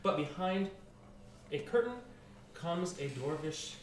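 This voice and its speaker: A man narrating a tabletop game as game master, animated and halting, with many restarts. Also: mid-range voice, crowd noise. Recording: roomy room, distant mic.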